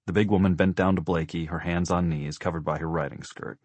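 A man narrating an audiobook in a steady, measured storytelling manner. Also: low voice, slightly rough, no echo.

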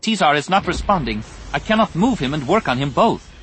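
A man's voice: fairly high pitch, very animated, fairly quick, a bit bright, soft background music, pitched above the performer's own voice. A man doing a small, precise alien healer woman. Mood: concerned. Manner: formal, clipped speech with no contractions.

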